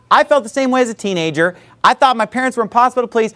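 A man's voice: very high voice, expressive, very fast, a bit bright. A male pastor preaching a sermon in a conversational, storytelling manner, full of frequent asides.

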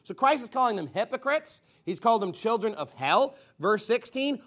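A man with a notably high voice preaching a fiery sermon. He reads scripture aloud with force, asks rhetorical questions and breaks into shouted lines. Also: very animated, moderate pace, hardly any pauses.

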